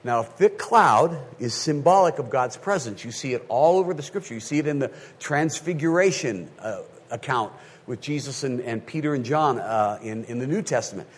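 A male pastor preaching a sermon in an animated way, often checking in with his listeners. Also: medium pitch, moderate pace, husky.

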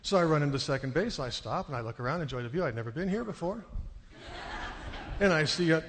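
Animated male preacher in a reverberant hall. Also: fast talker, a little hiss or hum. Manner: animated storyteller, jumps into high excited delivery. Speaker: pastor. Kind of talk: sermon with storytelling. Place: church sanctuary.

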